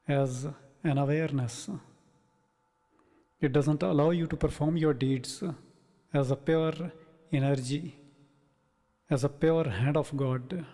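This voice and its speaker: Male spiritual teacher, slow meditative delivery, mellow tone, long hall reverb. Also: on the high side. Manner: measured, reflective, in short phrases.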